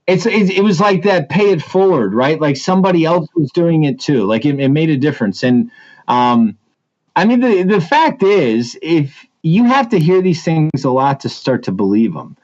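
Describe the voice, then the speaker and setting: A man, an assistant principal, telling stories in a casual interview, animated and full of restarts. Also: fairly high pitch, normal speed, lo-fi sound. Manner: animated storyteller with many restarts.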